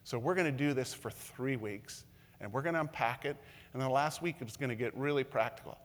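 A man preaching a sermon as pastor, earnest and repetitive, swinging from loud emphatic lines to soft, intimate ones. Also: mid-range voice, fairly quick. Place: church room with long reverb. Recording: reverberant hall sound.

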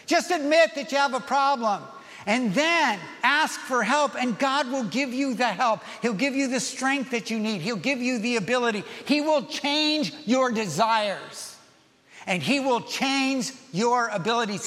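A man preaching a sermon as pastor, animated and urging, easing into gentle prayer. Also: very high voice, measured pace, big-room sound.

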